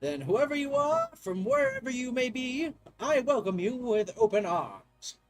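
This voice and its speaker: Gamer putting on genteel male professor, old-fashioned polite, talkative, lively pitch swings. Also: a little slow, soft background music, heavily acted. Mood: enthusiastic. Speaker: gaming video creator. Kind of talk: reading game dialogue aloud in a put-on voice.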